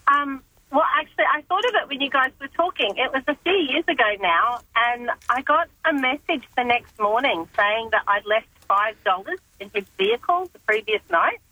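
A woman's voice: sits high, expressive, moderate pace, bright, forceful tone, no echo, low-quality recording. A middle-aged woman calling into radio, telling a story in a wry, matter-of-fact way. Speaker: caller.

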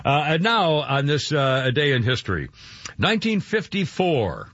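A man hosting a radio show, talking casually in a rambling, excitable way and laughing easily. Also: a little high, moderate pace, dry recording. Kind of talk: casual morning radio talk. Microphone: studio microphone. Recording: dull radio broadcast sound.

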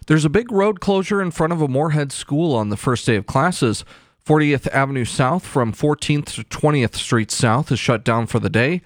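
A man reading a radio newscast from the studio in a steady, clipped news delivery. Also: mid-range voice, no echo. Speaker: news anchor. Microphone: studio mic.

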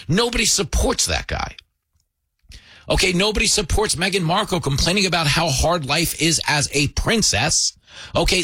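A man's voice: on the high side, pushed and bright, breathy edge, no room sound. A man hosting a show, delivering a sarcastic, mocking comedy monologue.

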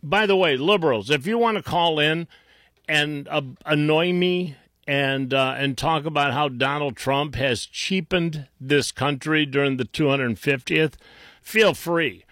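A male talk radio host in a dead-dry studio, speaking slowly and deliberately. His pitch sits a little high for a man, and his tone is scornful and mocking, full of stops and restarts. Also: fairly bright tone, no room sound. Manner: mocking, sarcastic, with many restarts. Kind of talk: combative talk radio commentary.

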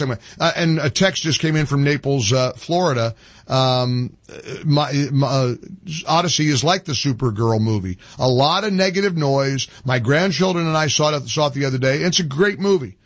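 A man's voice: moderate pace, no room sound. An older man hosting a radio talk show, ranting with rising passion and repeating himself. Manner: impassioned, climbs high when ranting, repeats phrases.

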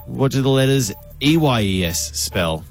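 Flustered Australian radio co-host. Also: male voice, mid-range voice, lively intonation, faint music behind. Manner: flustered and apologetic, quick laughs. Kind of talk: breakfast radio banter. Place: radio studio. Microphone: studio mic.

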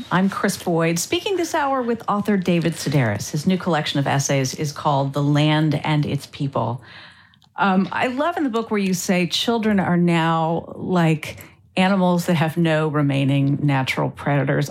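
A woman's voice: lowish voice, animated, moderate pace. A woman hosting a radio interview, asking questions in a conversational, reflective way. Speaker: radio host.

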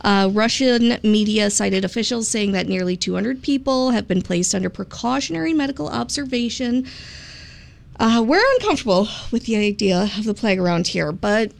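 A woman's voice: mid-range voice, normal speed, creaky. A woman co-hosting a morning radio show, trading dry quips and reading the news steadily.

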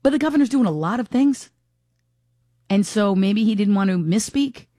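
A woman's voice: mid-range voice, expressive, moderate pace, dark tone, dry recording, studio quality. A woman hosting a talk radio show, chatting frankly and giving her opinions in a casual, unscripted way. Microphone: studio microphone.

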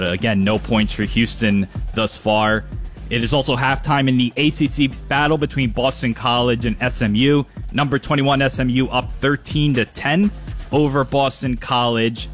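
Man reading scores, New York accent. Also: medium pitch. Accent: New York/New Jersey. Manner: lots of "uh" fillers. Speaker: score update reporter. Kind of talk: sports score update.

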